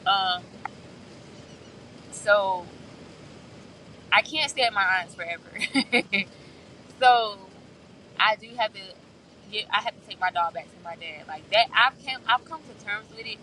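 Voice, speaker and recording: A woman's voice: mid-range voice, expressive, a little slow, pauses often, pushed and bright, distant mic, a little hiss or hum, rough recording. A woman sharing an earnest, heartfelt personal faith vlog, often checking in with her listeners as she talks. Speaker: faith vlogger. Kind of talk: candid personal vlog monologue.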